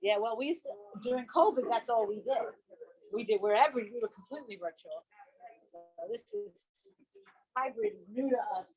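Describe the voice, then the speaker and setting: A woman's voice: fairly high pitch, animated, moderate pace, a little mellow, husky, dull audio. A woman hosting an event at a senior center, making casual, friendly announcements and introducing the speaker. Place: senior center room, indoors.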